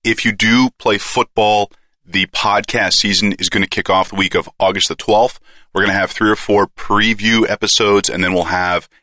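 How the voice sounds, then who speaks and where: A man's voice: on the low side, fairly even intonation, normal speed, pushed and bright, no echo, studio quality. A man with a Canadian accent hosting a casual fantasy sports podcast, joking and ribbing his guest. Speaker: podcast host.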